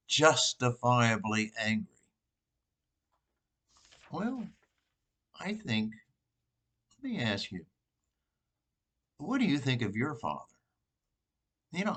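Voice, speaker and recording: An older man, a priest, giving an informal, rambling sermon reflection with pauses and restarts. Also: mid-range voice, fairly bright tone.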